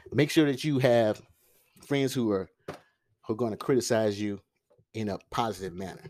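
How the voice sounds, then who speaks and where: A man with a lowish voice hosting a solo podcast into his mic. He talks quickly and casually, with plenty of slang, "ums" and restarts as he speaks straight to his listeners. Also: dark tone. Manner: fast, loose talk with fillers and slang. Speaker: podcast host. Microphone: podcast microphone.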